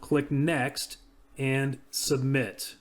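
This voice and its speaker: Brief: everyday male reviewer, mid-pitched, easygoing screen-demo narration. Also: level tone, extremely slow. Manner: casual, talks through each click. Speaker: software reviewer. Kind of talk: screen-recorded software walkthrough.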